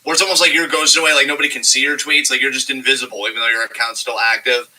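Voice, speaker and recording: A man co-hosting a casual chat show, rambling excitably, laughing often and swearing freely. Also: medium pitch, very fast, rough recording. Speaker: podcast co-host.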